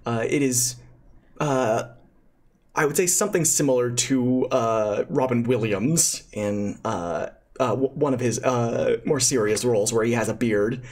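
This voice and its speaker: A man narrating as game master, improvising with frequent pauses and fillers. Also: medium pitch, a little mellow.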